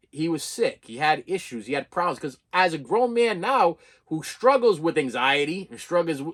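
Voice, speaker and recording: The man's voice is on the high side and a bit bright. In his fifties, this vlogger gives a raw, emotional personal rant straight to camera, stumbling into restarts and repeating himself.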